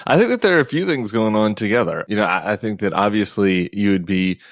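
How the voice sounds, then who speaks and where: A man's voice: on the low side, expressive, no room sound. Emphatic man in a dry podcast chat. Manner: fast, emphatic, restarts sentences. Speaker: podcast guest. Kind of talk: political commentary chat.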